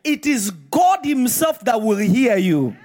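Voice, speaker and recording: A man's voice: very high voice, sing-song, takes it slowly, a little mellow. A man preaching a live sermon in church, emphatic and firing repeated questions at the congregation. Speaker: pastor.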